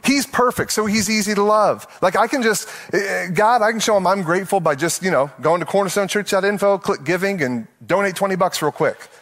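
A man's voice: high-pitched, fairly quick, few pauses, fairly bright tone. A male pastor preaching in a conversational, playful way, acting out everyday voices and laughing along. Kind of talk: sermon.

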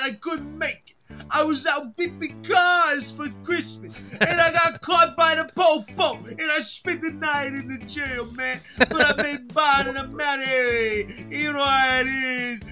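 A man doing a high goofy voicemail caller. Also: unhurried, pushed and bright, soft background music, exaggerated voice. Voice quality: high put-on voice. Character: goofy hyper male toy-hunting caller.

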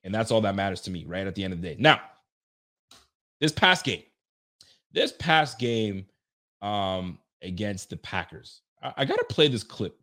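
A man doing casual reaction commentary as a sports fan, excitable and ranting, laughing often. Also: low-pitched, fairly quick, few pauses.

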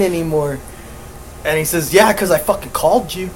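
On a low-quality recording with slight background noise, a man with a fairly high voice talks at normal speed while co-hosting a podcast. He's laid-back in casual chat, telling stories, swearing often, and laughing as he goes.

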